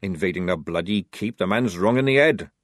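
A man voicing a gruff, scheming old army sergeant who talks loudly and indignantly. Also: low-pitched, animated, fairly quick, dry recording, studio quality. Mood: blustering. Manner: loud, blustering, indignant.

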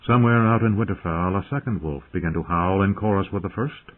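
A man narrating an audiobook in a measured, dramatic storytelling manner. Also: low-pitched. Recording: tinny phone-like audio.

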